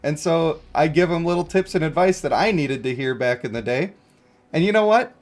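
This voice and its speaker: A man's voice: fairly high pitch, lively intonation, a little fast. A man in his thirties streaming a game, rambling and chuckling as he answers chat. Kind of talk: casual livestream chat.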